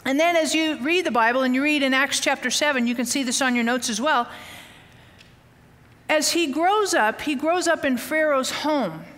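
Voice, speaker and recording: A woman teaching a Bible lesson, telling the story with lively, animated acting-out of the quotes. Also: high-pitched, moderate pace, big-room sound. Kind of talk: teaching sermon. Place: outdoors, windy.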